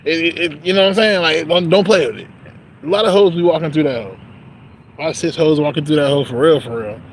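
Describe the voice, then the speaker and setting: A man's voice: fairly high pitch, fast talker, slight background noise. Young man ranting, bro-heavy slang. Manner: profane, repetitive, peppered with "bro" and "you know what I'm saying". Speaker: vlogger venting about work. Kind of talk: casual rambling rant.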